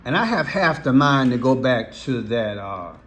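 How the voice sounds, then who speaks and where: A man's voice: mid-range voice, sing-song, a bit bright, slight background noise. A man hosting a casual political commentary channel, folksy and emphatic. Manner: folksy, emphatic, slow and drawn out. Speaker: YouTube commentary host.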